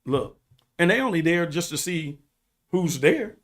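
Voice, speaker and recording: In a casual storytelling interview, a podcast guest tells his story earnestly, almost preaching, and repeats phrases to emphasize them. He sounds animated, with a fairly bright voice on the high side and a normal speaking speed.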